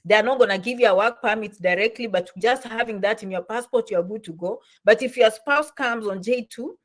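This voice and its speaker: A woman giving casual advice, lively and repetitive, often checking "okay?" and "you understand?". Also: a little high, a little fast. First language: not English. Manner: animated, repeats "okay?" and "you understand?", acts out quoted voices. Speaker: immigration advice vlogger. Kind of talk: casual explainer talk.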